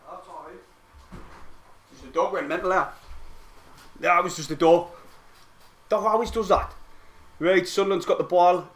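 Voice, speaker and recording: A young man, excitably commentating on a football match for his live-stream viewers and swearing freely. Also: high voice, measured pace, pauses often.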